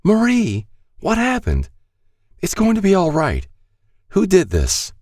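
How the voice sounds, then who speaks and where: A man's voice: high-pitched, wildly swooping pitch, slow, darkish tone, dry recording, clean studio sound, pitched above the performer's own voice, exaggerated voice. A man voicing a grief-stricken young woman with a shaky, pleading voice in a storybook reading. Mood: distraught.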